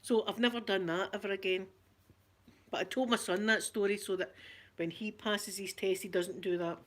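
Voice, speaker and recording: A middle-aged Scottish woman chatting softly for an ASMR video, telling stories in a relaxed, rambling way with local words. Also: mid-range voice, moderate pace. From Scotland. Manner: chatty storytelling, local words like wee and yous. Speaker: ASMR creator. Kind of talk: soft-spoken ASMR chat.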